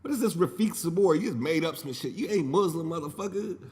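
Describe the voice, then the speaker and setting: A man's voice: on the high side, animated, fast, a little mellow. Profane joking man in a reverberant room. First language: Spanish. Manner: loose, profane, joking and rambling. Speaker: podcast host. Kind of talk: casual solo podcast monologue. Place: home.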